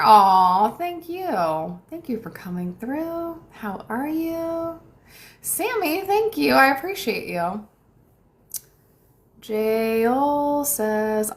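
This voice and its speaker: A young woman, a manifestation coach, chatting casually on a livestream, reading viewer comments and thanking them warmly with light laughs. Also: a little high, expressive, extremely slow, long pauses. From United States.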